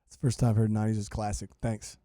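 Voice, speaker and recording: Male host, 40s, dark mellow tone, dry close sound, chatty and joking. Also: lowish voice, level tone, dry recording. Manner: joking, chatty, quick interjections. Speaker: podcast host. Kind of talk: casual interview chat.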